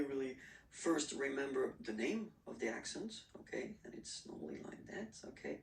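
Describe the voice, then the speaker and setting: A man's voice: medium pitch, creaky. A man teaching a beginner French lesson, talking patiently and checking in with "okay?" after nearly every phrase. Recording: roomy echo, mic at a distance.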